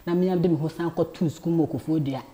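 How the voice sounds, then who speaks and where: A Ghanaian woman in her thirties, a talk show guest telling a personal story in lively casual chat, often repeating words as she goes. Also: low voice, racing. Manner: animated, repeats words, laughs while telling.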